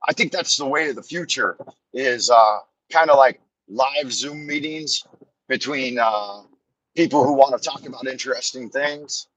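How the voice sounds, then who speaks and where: A man's voice: mid-range voice, measured pace, a bit bright, husky, poor audio. A man rambling and telling stories on a live stream from his car while driving, with a meandering, self-deprecating, joking manner. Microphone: phone on a camera mount.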